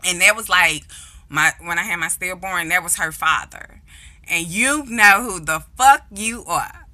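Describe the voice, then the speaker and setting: A woman's voice: on the low side, pushed and bright. A young woman with a St. telling blunt, profane stories in a casual vlog, acting out the voices of people she quotes. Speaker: vlogger. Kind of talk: casual storytelling monologue.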